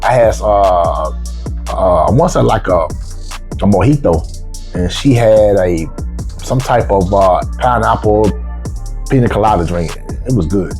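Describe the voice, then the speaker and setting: A man with features, casually telling a travel story as a vlogger, swearing freely and jumping up in pitch when he quotes himself. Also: unhurried, long pauses, faint music behind. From United States. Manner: animated, profane, rises sharply when quoting himself.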